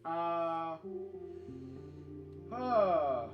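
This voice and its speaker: A game streamer talking through a let's play at a slow, rambling pace, with many fillers and restarts. The voice sits in an echoey room. Clear guitar music plays behind. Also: medium pitch, animated, highs cut off. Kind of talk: let's play commentary, reading game text aloud. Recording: roomy sound with guitar music.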